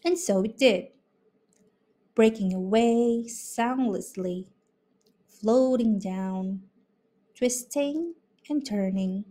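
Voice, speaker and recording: Slow expressive woman reading a storybook. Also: a little high. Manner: expressive, unhurried. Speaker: storybook reader. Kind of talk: children's read-aloud narration.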